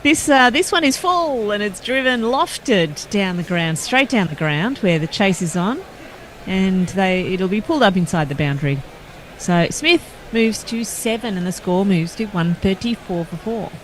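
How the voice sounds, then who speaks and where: A woman with an Australian accent doing brisk ball-by-ball cricket commentary. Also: a little hiss or hum. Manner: brisk play-by-play calls with lively pitch swings.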